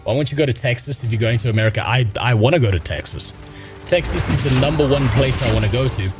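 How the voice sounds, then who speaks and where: A man's voice: mid-range voice, fast talker. A young man streaming a video game, chatting casually in a blunt, profane and rambling way while reading chat. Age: young adult. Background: game music.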